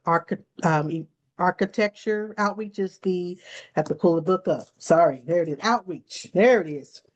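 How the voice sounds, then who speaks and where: A woman's voice: fairly low pitch, a little mellow, muffled recording. A woman teaching a cybersecurity class in a conversational way, who acts out quoted exchanges and laughs often. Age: adult student. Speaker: cybersecurity instructor.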